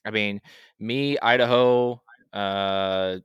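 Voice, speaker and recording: A man with a Pacific Northwest American accent muses easygoingly in a lowish, smooth voice. The recording is close and dry. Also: fairly even intonation, extremely slow, fairly bright tone, dry recording, highs cut off. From Washington State, USA. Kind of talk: casual podcast chat.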